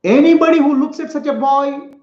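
A man's voice: very high voice, brisk, darkish tone. A man, a spiritual teacher, telling a sacred story for children in simple, repetitive words and explaining terms. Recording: echoey room, dull lo-fi sound.

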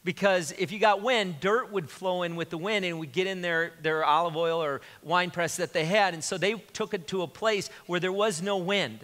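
Male pastor, bright high voice, casual joking sermon, reverberant church hall. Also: steady tone, moderate pace, hardly any pauses. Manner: conversational, joking, retelling scripture.

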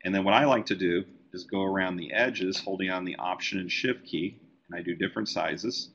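Man, comic letterer and teacher, relaxed software webinar, very deep voice, muffled audio. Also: a little fast, creaky, slightly rough. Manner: relaxed, talks while working on screen. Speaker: comic book letterer and design educator. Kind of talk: live software tutorial webinar.

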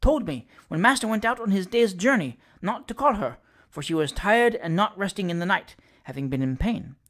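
A frantic young Italian maid from a classic storybook, crying out and raving in high distress, as the reader puts her on. Her voice jumps up high and gets loud, her words tumbling out. The reading is lively. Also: lightly acted.

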